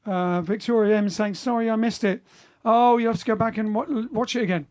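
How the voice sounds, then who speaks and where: A man's voice: high-pitched, steady tone, fairly quick, a little mellow. A man hosting a lockdown livestream for his band, chatting casually and reading out viewer comments, rambling with lots of fillers and restarts. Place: home during lockdown.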